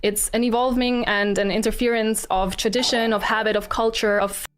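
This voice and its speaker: A woman arguing a moral position in a debate, earnest and preachy, with frequent pauses and ums. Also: on the high side, flat delivery, clear, resonant tone. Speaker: vegan debater. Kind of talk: formal debate argument.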